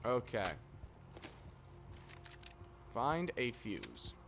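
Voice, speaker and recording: A man's voice: medium pitch, huge pitch swings, slow pace, creaky. Sarcastic man joking over gameplay. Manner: sarcastic, rambling, self-mocking jokes. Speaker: gameplay commentator. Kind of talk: casual let's play commentary. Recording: noisy game audio behind.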